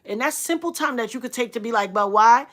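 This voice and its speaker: A fast-talking, expressive middle-aged woman tells a story on a livestream with earnest drama. She repeats phrases for emphasis and suddenly goes loud and high when acting out what others said.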